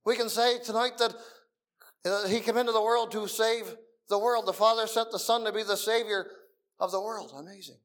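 Earnest man preaching, soft then raised. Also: high-pitched, steady tone, moderate pace. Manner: earnest, swings between soft murmurs and raised emphasis. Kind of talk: sermon. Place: meeting room.

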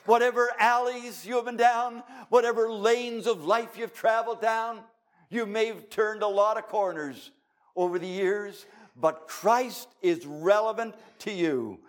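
An older man preaching an evangelistic sermon, dramatic and emphatic, with pauses for effect. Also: high voice.

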